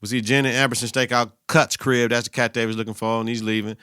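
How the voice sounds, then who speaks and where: A man's voice: mid-range voice, flat delivery, quick pace, pushed and bright, smooth, no echo, clean studio sound. Profane, slangy man recapping TV. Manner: profane, slangy, talks back at the screen. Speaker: podcast host. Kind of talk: casual TV episode recap.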